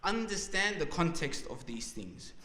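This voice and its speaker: A man's voice: a little high, big pitch swings, unhurried, sharp tone. A man giving a passionate, emotional sermon at a religious gathering, often restarting his words. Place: large hall at a community religious program. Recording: echoey hall reverb.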